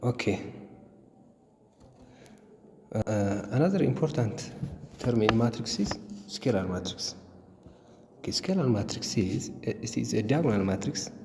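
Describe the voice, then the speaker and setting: A man gives a recorded math lesson at an unhurried pace, often repeating himself and using fillers. His voice is mellow and dark in tone. The recording has a long reverb tail with a faint hiss underneath. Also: lowish voice, expressive. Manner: slow, repetitive explaining with many fillers. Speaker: math teacher.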